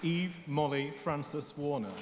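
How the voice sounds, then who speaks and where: A man presenting graduates at a ceremony, announcing names in a steady, formal way. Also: fairly high pitch, a little slow. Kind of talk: formal name reading at a ceremony. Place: large hall. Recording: echoey hall, noisy.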